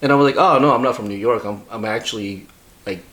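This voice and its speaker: A man's voice: on the low side, fast, fairly bright tone. A man with a Boston accent, co-hosting a podcast and telling stories in a rambling, hesitant way with many fillers. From Massachusetts. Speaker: podcast co-host. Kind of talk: casual chat.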